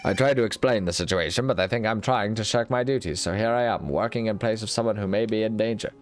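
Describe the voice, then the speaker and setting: A man's voice: lowish voice, fast talker. A man hosting a casual let's-play, rambling and joking at his own expense while sleepy and yawning. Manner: rambling, jokey and self-mocking. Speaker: gaming video host.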